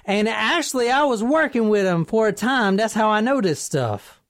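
A woman's voice: mid-range voice, animated, normal speed, no room sound, clean studio sound, lightly acted. A woman voicing a rambling, drunken drifter farmhand man in a folksy, drawling rural put-on accent. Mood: insistent.

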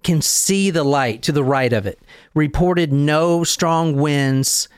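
A man hosting a casual podcast chat, excitable and quick to swear and laugh as he tells a story. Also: on the high side, clean tone, no echo, studio quality. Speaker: podcast host.

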